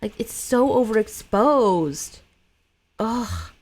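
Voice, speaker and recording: A woman streaming casual reaction commentary on a horror film, blunt and expressive, groaning and cursing freely. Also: a little high, slow, slight background noise.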